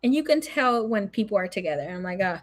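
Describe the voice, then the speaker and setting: A young adult woman, telling a story in a casual, animated way, swearing a lot and acting out what people said. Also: mid-range voice, quick pace.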